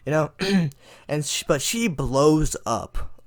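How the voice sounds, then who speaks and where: A man's voice: a little high, animated, slow, fairly bright tone. A teenage boy casually telling school stories to his camera, rambling and mimicking teachers and classmates. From United States. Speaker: vlogger.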